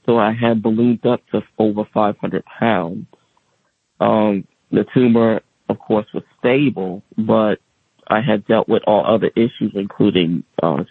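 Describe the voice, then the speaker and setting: A man's voice: on the low side, husky, dry recording. A man telling his own story in a casual way, acting out other people's voices as he goes. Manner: animated, acts out quoted voices. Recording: tinny phone-like radio audio.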